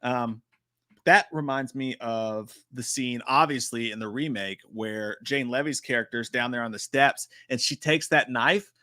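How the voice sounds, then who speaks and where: A man hosting a live stream, chatting casually and profanely about horror trailers with a joking, animated manner. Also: medium pitch, a little slow, no room sound, studio quality.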